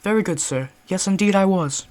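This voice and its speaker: A man's voice: sits high, moderate pace, darkish tone, natural voice. Dash, a man doing a prim British barista. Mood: grave. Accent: put-on British. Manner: stiffly polite and formal. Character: formal, courteous young male barista. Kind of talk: reading a visual novel aloud.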